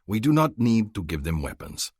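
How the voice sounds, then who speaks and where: A blunt alien warrior, short on patience, voiced by a male narrator. His voice is low and husky, with a dry close sound. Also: big pitch swings, moderate pace, darkish tone, dry recording. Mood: curt. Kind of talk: audiobook character voice.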